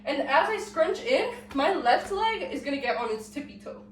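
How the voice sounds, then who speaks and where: A woman's voice: sits high, big pitch swings, moderate pace, recorded from a distance, a little hiss or hum. Breathless young woman counting dance steps. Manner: counts beats aloud while dancing, cheerful. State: out of breath and sick. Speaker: dance tutorial host. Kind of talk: step-by-step dance instruction. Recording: echoey room, voice off-mic.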